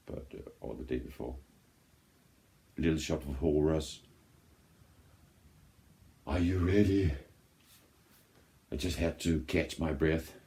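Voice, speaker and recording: A man casually chatting while unboxing a vinyl record, rambling and correcting himself in a slow drawl, a little high. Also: dark tone. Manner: rambling, stop-start, self-correcting. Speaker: music reaction vlogger.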